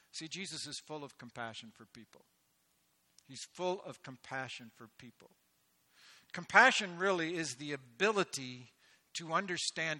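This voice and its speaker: A man preaching a sermon, swelling into loud, emphatic delivery with rhetorical questions. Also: fairly high pitch. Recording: echoey hall with long reverb.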